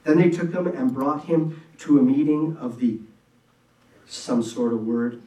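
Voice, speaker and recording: A man preaching a sermon in an earnest, conversational way, with quick bursts and restarts, recorded in a church hall. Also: medium pitch, mellow. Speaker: pastor. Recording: echoey room from a distance.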